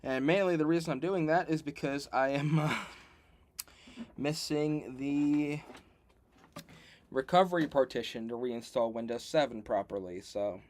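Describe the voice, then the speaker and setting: A man's voice: mid-range voice, fairly even intonation, measured pace, a little mellow, a little hiss or hum. A man commenting casually on a livestream as he tests old computers at home, rambling, joking and laughing at himself. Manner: rambling, self-deprecating, laughs often. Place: home room.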